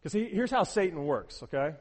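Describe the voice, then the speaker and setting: A man's voice: on the high side, very animated, brisk, long reverb tail. A pastor preaching a sermon, emphatic and repeating words as he builds each point.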